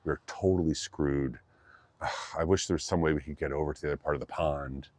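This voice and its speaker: A man's voice: extremely low pitch, steady tone, quick pace, darkish tone, no room sound. A man voicing three stuck fish, complaining in casual slang. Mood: whiny.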